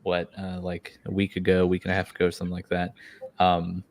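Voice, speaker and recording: A man hosting a casual podcast chat, a bit hoarse from losing his voice, talking loosely with many fillers and restarts. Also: low voice, completely flat delivery, a little fast, dry recording. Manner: rambling, frequent fillers and restarts. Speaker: podcast host.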